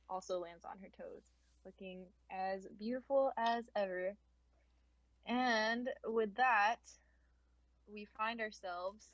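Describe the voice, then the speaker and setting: A woman's voice: mid-range voice, no echo, low-quality recording. A young woman narrating a tabletop game as game master, casual and giggly, with lots of fillers.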